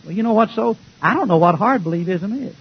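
An older man preaching a folksy, joking sermon, swinging between loud outbursts and low mutters. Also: lively intonation, fast talker, husky, lo-fi sound.

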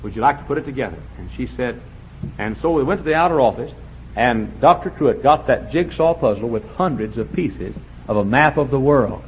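A man preaching a fiery revival sermon, swinging from shouts to low quiet lines. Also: animated, moderate pace. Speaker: pastor. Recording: dull lo-fi with faint hiss.

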